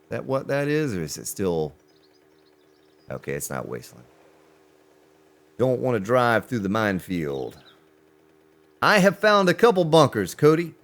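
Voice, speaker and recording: A man's voice: measured pace, long pauses. Guy doing live gameplay commentary, chatty with chat, voice bounces up and down a lot. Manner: chatty, talks to chat viewers as he plays; animated, pitch jumps on exclamations. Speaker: game streamer.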